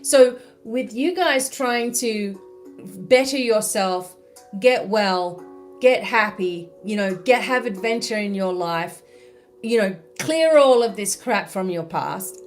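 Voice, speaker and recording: A woman's voice: mid-range voice, expressive, takes it slowly, faint music behind. An Australian woman speaking as a spiritual mentor in a live-stream monologue, chatty and full of "you know" and "right?".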